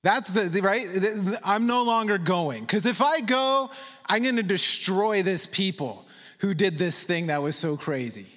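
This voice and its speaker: A man preaching to a congregation, pitched high and swinging widely as he goes. He keeps firing questions at his listeners. His voice rings out with a long reverb from the hall. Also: measured pace. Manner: animated, asks the audience questions. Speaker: pastor. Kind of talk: sermon.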